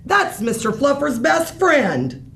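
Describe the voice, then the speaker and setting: A woman's voice: high-pitched, sing-song, slow, creaky, a bit bright, slight background noise, pitched above the performer's own voice, heavily acted. A woman reading a bedtime story aloud, voicing a dramatic, stubborn young boy who whines and bargains over his toys. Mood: bargaining. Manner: whiny, dramatic, pleading.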